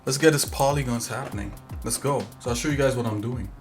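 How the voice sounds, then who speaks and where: A man's voice: medium pitch, fast talker, soft background music. A man hosting a casual livestream as a game developer, talking in an easygoing, rambling way with lots of fillers.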